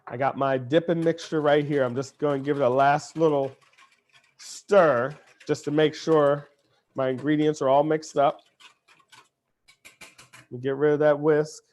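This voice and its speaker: Upbeat and talkative, a man who is a dad leads a live cooking lesson for children, addressing the kids and their parents directly. His pitch is fairly high.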